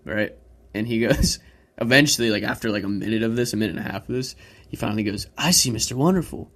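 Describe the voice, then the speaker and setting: A man's voice: fairly low pitch, quick pace, a bit bright. A young man co-hosting a wrestling podcast, retelling a scene with laughs and quoted lines in a casual chat. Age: young adult. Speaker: podcast co-host.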